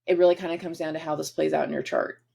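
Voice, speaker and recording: A woman's voice: low voice, fairly even intonation, fast talker, creaky, warm tone, breathy edge. A woman hosting a casual astrology forecast, chatty and acting out quoted dialogue in different voices.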